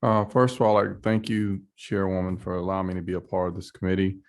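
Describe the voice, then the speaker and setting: A man serving as a state representative, making courteous, halting remarks at a committee hearing. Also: deep voice, level tone, a little mellow.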